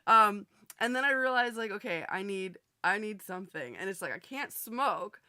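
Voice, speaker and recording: A young woman hosting a live online chat show, talking casually and animatedly, quick to laugh. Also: mid-range voice, pushed and bright, no echo, studio quality. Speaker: host.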